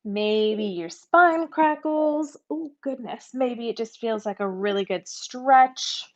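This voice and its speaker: A woman teaching a yoga class, giving calm, conversational instructions and breathing cues. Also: a little high, takes it slowly, dull audio.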